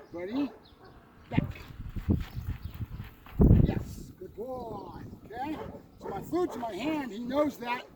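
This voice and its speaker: A man working as a dog trainer outdoors, explaining drills and calling out short commands to his dog, often tagging on "right?". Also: extremely high pitch. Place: outdoors by a fence and a building. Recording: distant mic with noticeable outdoor noise.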